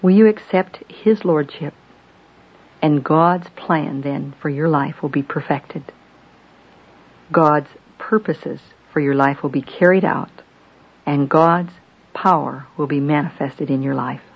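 Woman, husky voice, devotional sermon, solemn, emphatic rhetorical questions, muffled lo-fi recording. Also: low voice, slow. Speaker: women's Bible study speaker. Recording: dull lo-fi recording.

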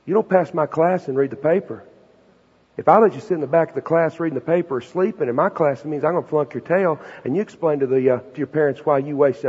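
High-voiced preacher guy, husky, folksy and punchy, big hall echo on a dull recording. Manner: folksy, emphatic storyteller who builds to loud punchlines. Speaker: preacher and Bible professor. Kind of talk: sermon with personal stories.

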